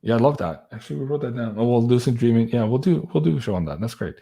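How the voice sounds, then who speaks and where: Husky man chatting on a livestream. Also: mid-range voice, animated, rapid-fire, dark tone. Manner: chatty, thanks donors by name, laughs often. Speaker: livestream co-host. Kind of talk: casual livestream chat.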